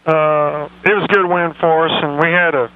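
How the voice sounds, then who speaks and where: A man putting on a dim, rambling, folksy old football coach, talking slowly on a phone-in. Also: on the high side, flat delivery, clean tone, dry recording, narrow, tinny audio, lightly acted. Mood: folksy, proud. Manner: slow, meandering, folksy drawl. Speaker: comedy phone-in character. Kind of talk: radio comedy impression.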